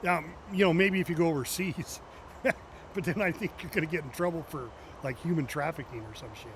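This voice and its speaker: A man's voice: a little high, fairly quick, background noise. A man streaming a driving game, chatting casually with viewers in a rambling, joking way and laughing often. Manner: chatty asides to viewers in chat. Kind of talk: casual chat while playing a driving game.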